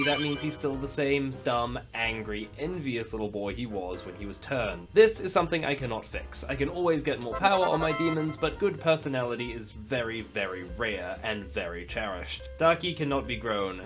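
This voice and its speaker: A young man with a New Zealand accent hosting a comedic tier-list commentary, sarcastic and jokey, swearing casually. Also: mid-range voice. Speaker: YouTube host.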